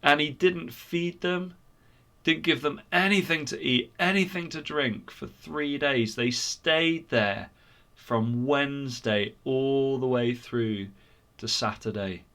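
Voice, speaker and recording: Guy telling a kids story at church, slow, gravelly, animated. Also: mid-range voice. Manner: animated, expressive. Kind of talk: retelling a story for children.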